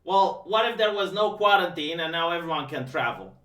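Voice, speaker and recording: A high, bright male voice that mocks with dry sarcasm and trips over his own words as he restarts. He sits back from the mic in a room that echoes noticeably. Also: lively intonation, brisk, far from the mic. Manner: sarcastic, mocking, stammering restarts. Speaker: live-stream host. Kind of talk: casual live-stream commentary.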